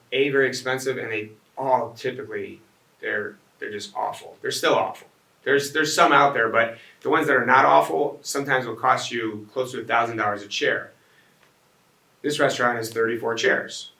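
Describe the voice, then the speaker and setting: A man's voice: medium pitch, creaky, bright, forceful tone. A man who owns restaurants, giving a conversational design talk to a live audience. He rambles, restarts his sentences and turns to the crowd with asides. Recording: echoey room, voice picked up from a distance.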